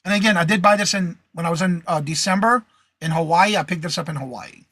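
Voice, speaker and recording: A high-voiced, bright and sharp-toned man hosts a live reseller show. He chats casually, reads out viewer comments and greets people by name. The sound is close and dry, with no room echo. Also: fast talker. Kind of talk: casual live-stream chat.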